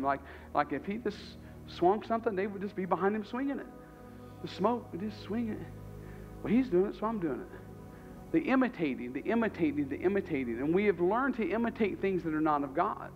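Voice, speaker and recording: A man's voice: a little high, highs cut off. A man preaching a sermon as pastor, talking conversationally and animatedly and repeating his phrases.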